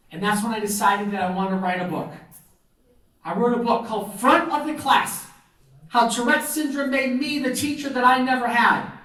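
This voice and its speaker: A middle-aged man giving a keynote speech, telling stories with lively acted-out voices. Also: very high-pitched. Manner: animated storyteller acting out voices. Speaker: keynote speaker. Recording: echoey hall, mic from far off.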